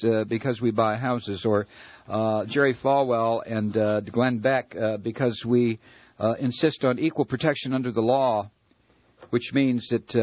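A man's voice: medium pitch, no echo, highs cut off. A man hosting a radio talk show, ranting in a furious political monologue, stammering and repeating words.

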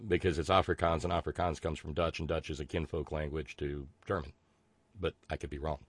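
A man's voice: rumbling low, level tone, fairly quick, no echo. A man hosting a casual political talk show, rambling and sarcastic, with many restarts. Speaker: host.

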